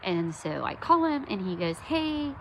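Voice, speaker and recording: A woman's voice: medium pitch, big pitch swings, a little slow, a little hiss or hum, low-quality recording. A young woman from the United States telling a personal story in a candid, self-deprecating way, with lots of ums. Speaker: podcast host.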